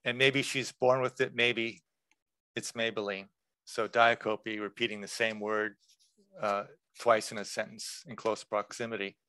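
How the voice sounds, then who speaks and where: A man presenting a workshop lecture in a relaxed, conversational way, explaining terms with examples. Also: lowish voice, a little slow, smooth, no room sound.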